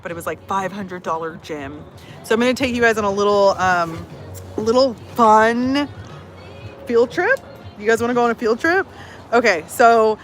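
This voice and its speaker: A bubbly, chatty woman in her thirties talks casually to her livestream viewers from a phone, her voice sitting at an ordinary middle pitch. Faint traffic noise from outdoors hums behind her. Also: a bit bright, low-quality recording. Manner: bubbly, chatty, many fillers. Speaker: personal growth coach.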